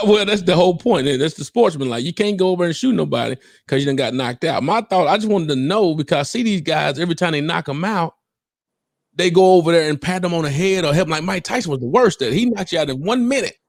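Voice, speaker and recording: A podcast co-host with a slightly high voice, chatting casually and slipping into impressions of people. The sound is dry and close to the mic. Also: male voice, fast talker, gravelly, no echo. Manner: animated, mimics people and laughs often. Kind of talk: casual chat.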